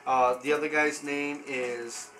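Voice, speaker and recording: A man narrating as game master for a tabletop game, halting and full of fillers. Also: fairly high pitch, steady tone, sharp tone, faint music behind, poor audio.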